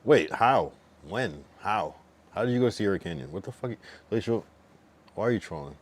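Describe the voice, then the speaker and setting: A man's voice: on the low side, expressive, moderate pace. A man in his late thirties, a livestreamer rambling in casual chat, swearing and answering his chat.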